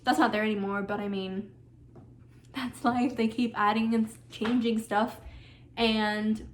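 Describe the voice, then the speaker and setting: A young woman chatting casually in her home kitchen as she hosts a cooking vlog, often drifting off on tangents. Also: fairly high pitch. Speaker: vlogger.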